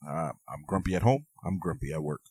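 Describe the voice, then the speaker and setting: A man with a very deep voice co-hosting a podcast, relaxed and joking, with plenty of fillers. The sound is dry and close to the mic. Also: fairly quick, dry recording. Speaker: podcast co-host. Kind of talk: casual podcast chat and advice.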